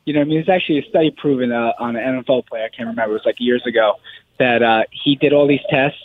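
A man's voice: mid-range voice, rapid-fire, slight background noise. A man calling in as a guest fighter, telling stories in a chatty way and laughing as he talks. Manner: chatty storyteller, laughs through his telling. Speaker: phone-in caller. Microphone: phone. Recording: phone line.

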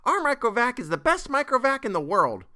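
A frightened little girl in a storybook reading, her voice pitched sky-high and loud. A man puts her on, pushing into a thin, piercing wail. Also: big pitch swings, brisk, exaggerated voice. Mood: prim.

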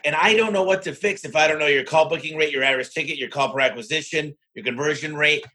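A man who owns a home services business, talking in a lively podcast conversation and acting out the exchanges he has with other owners. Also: a little high, fast talker, poor audio. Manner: animated, acts out his own conversations in quoted voices.

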